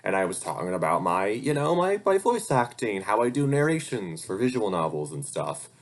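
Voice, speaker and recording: Young male vlogger, low register, rambling and profane, casual delivery. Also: very animated, moderate pace. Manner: rambling and profane, gets heated when venting. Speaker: vlogger and hobby voice actor. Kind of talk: casual life-update rant.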